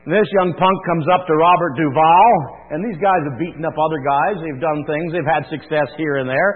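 A man's voice: on the high side, fairly quick, slightly rough. A male pastor preaching a sermon in a folksy, conversational storytelling manner. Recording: thin phone-like sound in a reverberant hall with mains hum.

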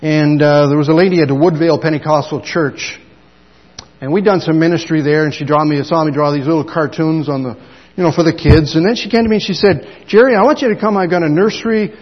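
A man's voice: a little high, fairly quick. A middle-aged man preaching a sermon, telling stories animatedly and acting out the dialogue. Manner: animated storytelling, acts out dialogue. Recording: dull sound in a long-reverb hall.

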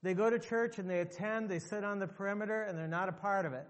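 A man's voice: sits high, a little fast, creaky, few pauses, in a large hall. A male pastor preaching a sermon emphatically to his congregation, repeating phrases for effect.

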